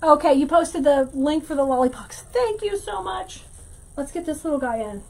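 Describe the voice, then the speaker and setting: A woman hosting a casual crafting livestream, chatting warmly to viewers and greeting them by name as she works. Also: high-pitched, lively intonation, normal speed, gravelly, low-quality recording. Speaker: livestream host teaching wreath making.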